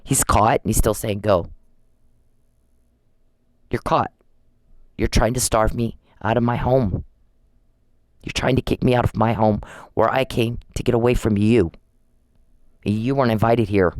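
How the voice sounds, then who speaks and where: A man's voice: on the low side, fairly even intonation, measured pace, pauses often, no room sound, poor audio. A man in an angry, confrontational rant at home, accusing and taunting someone with repeated challenges.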